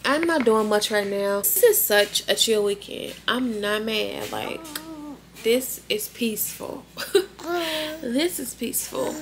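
A woman, chatting casually in a home vlog in a laid-back way. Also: vocal fry. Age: 20s. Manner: laid-back, talks to her baby in high playful voice. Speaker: vlogger. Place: home apartment.

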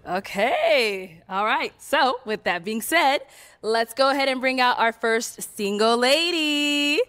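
A woman's voice: high-pitched, lively intonation, takes it slowly, fairly bright tone. A woman hosting a dating show, upbeat as she explains the rules.

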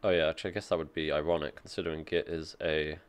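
A man's voice: a bass voice, fairly even intonation, fast talker, clear, resonant tone, highs cut off. A man reading an article aloud and reacting with offhand, dry remarks in a casual tech commentary.

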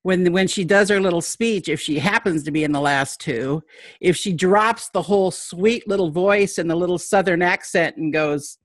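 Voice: medium pitch, moderate pace, no echo, clean studio sound. A co-host in a casual commentary chat, who mostly answers with short agreeing replies and sometimes adds a longer point. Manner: brief agreeing replies, relaxed.

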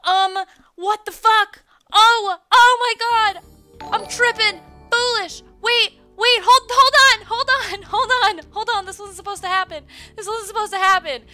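A woman livestreaming in casual chat, excitable and given to loud, sweary outbursts. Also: very high voice, unhurried. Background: background music.

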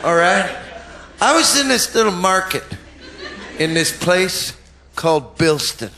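A man's voice: sits high, big pitch swings, unhurried, creaky, reverberant, noisy background. A man doing stand-up, laughing through his lines and swearing, on a stage mic in a live venue. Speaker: stand-up comedian. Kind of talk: stand-up comedy. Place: comedy venue with audience.

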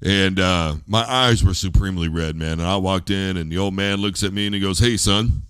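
A man's voice: low-pitched, steady tone, brisk, a bit bright, clear, resonant tone, no room sound. A man in his thirties hosting a casual sports talk show, loose and rambling, often repeating words as he starts a thought. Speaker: show host.

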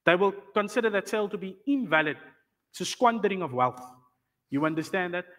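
Guy teaching a classroom lecture, high bright voice, keeps asking if ppl understand, echoey hall. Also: animated, brisk. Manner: explains patiently, checks understanding with rhetorical questions. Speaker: Islamic law teacher.

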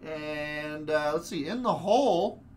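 A man hosting a live stream where card packs are opened, chatting away in an upbeat, casual way. His voice sits slightly high for a man, and he fills pauses with easy fillers. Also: expressive, a little hiss or hum. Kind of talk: live commentary while opening card packs.

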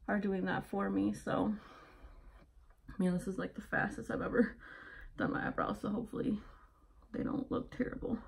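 A woman's voice: mid-range voice, gravelly, a little mellow, husky. Chatty pregnant young woman, rambling. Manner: chatty, rambling with many fillers. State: heavily pregnant, a little out of breath. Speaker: vlogger. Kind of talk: casual getting-ready vlog. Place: at home getting ready.

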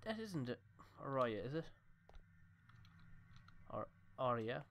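Man, horror game commentary, jokey, swearing, thinking out loud, mid-range voice. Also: medium pitch, sing-song, slow, vocal fry. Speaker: let's play gamer.

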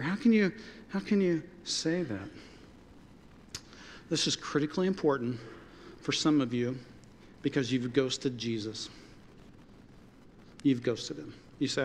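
Animated preaching man in a reverberant hall. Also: a little high, measured pace, long pauses. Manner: animated, conversational preaching with quoted dialogue. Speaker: pastor. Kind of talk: sermon. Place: church sanctuary.

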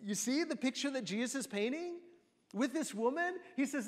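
A man's voice: extremely high pitch, lively intonation, normal speed. A man preaching a sermon in a church, asking the congregation rhetorical questions. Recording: long church hall reverb.

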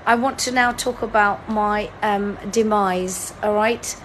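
Slow, teasing woman streamer. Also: mid-range voice, fairly even intonation, a bit bright, a little hiss or hum. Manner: chatty, teasing, playfully dramatic. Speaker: livestream host. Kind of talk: live-stream chat running a word-guessing game.

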